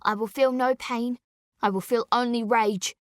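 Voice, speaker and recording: A woman voicing a furious, grief-stricken young girl in a storybook reading, her lines shrill and hysterical. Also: fairly even intonation, measured pace, no room sound, clean studio sound, close to an everyday voice. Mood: grim resolve.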